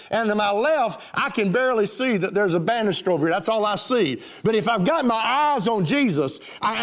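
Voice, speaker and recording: A man with a high-pitched voice preaches a sermon from the front of a church. He urges the congregation on and draws responses from them as he goes. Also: a bit bright. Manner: exhorting, calls for congregation response. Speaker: pastor. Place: church sanctuary.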